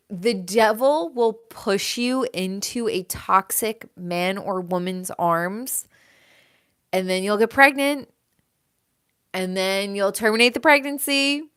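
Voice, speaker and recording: Female livestream host with a rather high, crisp and forceful voice, chatty and emphatic. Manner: rambling and emphatic, with filler "like". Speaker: host of a live show. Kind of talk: casual livestream monologue.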